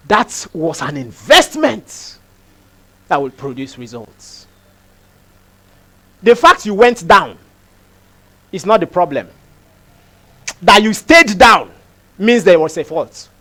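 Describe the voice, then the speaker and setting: A man's voice: sits high, sing-song, takes it slowly, long pauses, sharp tone. A male pastor, preaching a sermon emphatically, repeating phrases and asking rhetorical questions.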